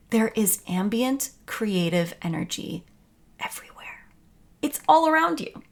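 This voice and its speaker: A woman teaching a video lesson on creativity, talking in an enthusiastic, conversational way. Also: mid-range voice. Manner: enthusiastic, conversational, acts out quotes.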